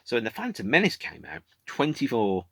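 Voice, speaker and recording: A man's voice: mid-range voice, wildly swooping pitch, a little fast, breathy edge, no echo. A man hosting his own podcast, talking alone in a rambling, opinionated way with many false starts. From United Kingdom. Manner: rambling, opinionated, frequent restarts. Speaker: podcast host. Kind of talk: casual solo monologue.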